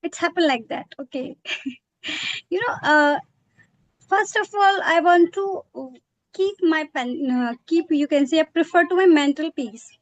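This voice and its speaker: High-voiced woman, hesitant speech. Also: a little slow, lo-fi sound. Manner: hesitant, self-correcting, many fillers. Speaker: English practice partner. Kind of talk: casual conversation practice.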